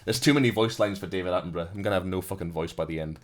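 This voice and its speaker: A man's voice: deep voice, racing, slight background noise. A man streaming a game live, reading its narration aloud dramatically between jokey, profane banter with chat.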